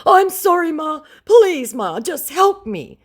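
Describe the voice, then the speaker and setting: A woman's voice: high-pitched, very animated, takes it slowly, voice pushed up, exaggerated voice. A woman voicing a begging young male scammer who keeps pleading for help and calling her ma'am. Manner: pleading, repeatedly saying ma'am.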